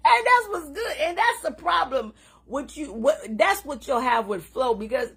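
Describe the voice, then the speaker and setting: A woman hosting a casual live stream, talking in an animated way, laughing often and mixing in Creole phrases. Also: high-pitched, moderate pace, gravelly. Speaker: social media live host.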